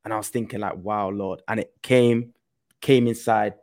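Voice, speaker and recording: A man shares a story in a casual podcast chat. He speaks earnestly and often drops to a softer tone. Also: on the low side, steady tone, moderate pace. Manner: storytelling, earnest, drifts soft.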